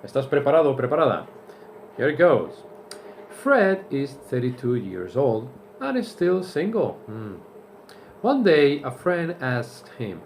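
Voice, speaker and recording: A man teaching English to Spanish speakers, explaining slowly and repeating each point in Spanish. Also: medium pitch, big pitch swings, slight background noise. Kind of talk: bilingual language lesson.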